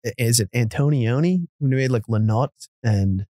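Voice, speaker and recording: Man, podcast co-host, mid pitch, rambling casual storytelling, dry studio mic. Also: lively intonation, normal speed, dark tone, no room sound. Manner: rambling storyteller with frequent laughs and restarts.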